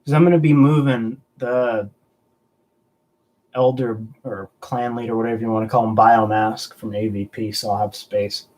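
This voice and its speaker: Hosting a casual collectibles stream, a man banters and answers viewer messages in a meandering way. He speaks at a normal speed in a mid-range, somewhat mellow voice with fairly even intonation.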